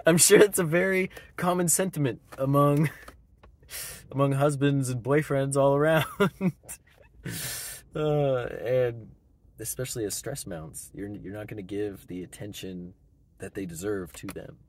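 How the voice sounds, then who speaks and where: A man's voice: medium pitch, steady tone, a little slow, pauses often. A man in his thirties, a vlogger giving himself a reflective, reassuring pep talk, chuckling often. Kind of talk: personal self-pep talk.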